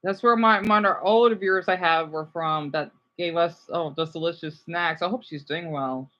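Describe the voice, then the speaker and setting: A man chatting casually on a live stream, reacting to viewer comments in a rambling, animated way. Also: fairly high pitch, moderate pace, muffled recording. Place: home room, keeping voice down.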